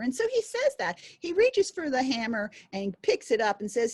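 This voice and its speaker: A woman storyteller telling a folk tale in a playful, animated way. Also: a little high, moderate pace, few pauses, no echo.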